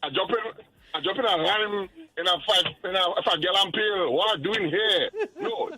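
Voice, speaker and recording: A man's voice: high-pitched, moderate pace, poor audio. A man co-hosting a radio advice chat, joking and acting out reactions. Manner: animated, joking, acts out reactions. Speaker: radio co-host.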